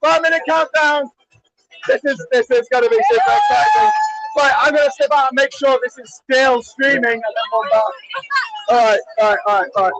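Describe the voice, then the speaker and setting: High-voiced excited man streaming. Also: brisk, low-quality recording. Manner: shouting greetings, cheering, chatty. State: getting hoarse. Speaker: live streamer. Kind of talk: excitable live stream at a party. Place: crowded indoor party venue.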